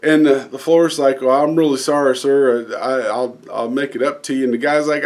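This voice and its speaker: A man's voice: mid-range voice, steady tone, brisk, few pauses, a little mellow. A man hosting a daily dad joke show, telling a joke in a casual, rambling way with lots of fillers and light character voices. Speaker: host telling dad jokes.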